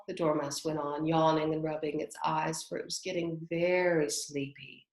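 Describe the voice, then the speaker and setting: A woman narrating a children's classic as a storybook reading, quiet and even. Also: deep voice, normal speed. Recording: roomy echo.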